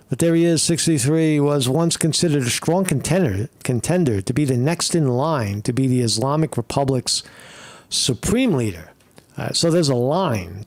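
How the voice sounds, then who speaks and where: Gravelly-voiced man rambling over news footage. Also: medium pitch, darkish tone, no echo. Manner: rambling, repetitive, profane. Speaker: commentator reacting to news footage. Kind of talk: casual reaction commentary.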